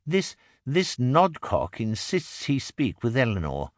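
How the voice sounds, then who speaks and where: A man's voice: mid-range voice, huge pitch swings, slow, no room sound, clean studio sound, voice pushed up. A male narrator voicing a haughty young noblewoman who speaks in a cutting, scornful way. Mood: indignant.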